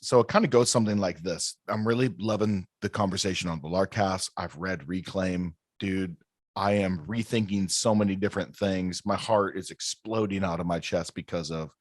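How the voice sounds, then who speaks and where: A man's voice: low voice, no echo, studio quality. A man co-hosting a podcast in casual, laid-back chat, saying dude and laughing. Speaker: podcast co-host.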